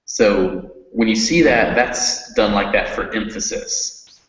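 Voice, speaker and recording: Guy tutoring reading, low-ish voice, slow patient explaining, echoey muffled room. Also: fairly bright tone. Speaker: reading teacher.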